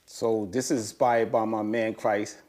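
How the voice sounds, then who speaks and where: A man, an interview guest, talking in casual conversation, animated and slangy, his voice jumping high when he gets excited. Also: a little slow. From United States.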